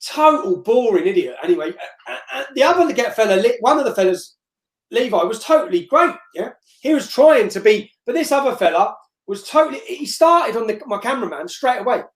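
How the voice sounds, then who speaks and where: A man telling a story as an interview guest on a live stream, blunt and forceful, repeating himself and tagging lines with "yeah?". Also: very high voice, very animated, a little fast. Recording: roomy echo.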